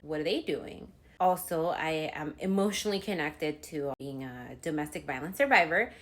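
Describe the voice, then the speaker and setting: A woman telling a personal story to her phone camera, lively and acting out the voices of the people in it. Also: deep voice, normal speed. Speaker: vlogger.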